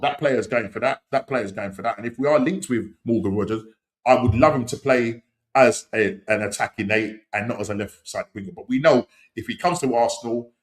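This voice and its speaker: Man, middle-aged, casual stream host, rambling, repeats fillers, medium pitch. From England. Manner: rambling, full of "you know what I mean", excited outbursts. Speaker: podcast host. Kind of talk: casual live-stream chat.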